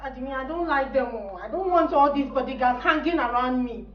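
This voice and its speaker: A woman's voice: high-pitched, fairly quick, faint music behind, close to an everyday voice. An actress with a Ghanaian English accent playing a spoiled, defiant young woman who complains indignantly in a film drama. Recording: echoey room, mic far off, dull sound.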